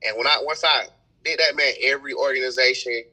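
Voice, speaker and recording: A young man telling stories in a casual podcast chat, animated and full of slang. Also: mid-range voice, fast talker, husky, low-quality recording. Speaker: event host and promoter.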